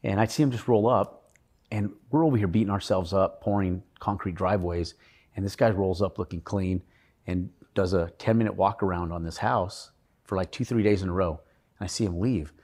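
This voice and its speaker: A man's voice: low voice, a little fast, darkish tone. A man being interviewed, talking earnestly about his own experience. He rambles and often restarts his sentences. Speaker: podcast guest. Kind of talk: casual interview storytelling.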